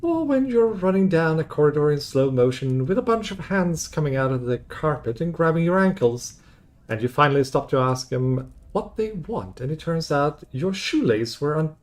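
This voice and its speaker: A man doing a squeaky, whimsical young woman. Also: expressive, moderate pace, darkish tone. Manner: high squeaky girlish voice. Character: chipper young woman, new security hire. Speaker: character voiced by a streamer.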